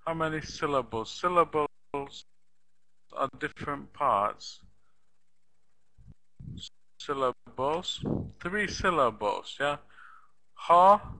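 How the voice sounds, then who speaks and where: Slow, patient male English teacher. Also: fairly high pitch, expressive, creaky, sharp tone, poor audio. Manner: slow, patient, repeats and spells out words. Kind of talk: online English lesson.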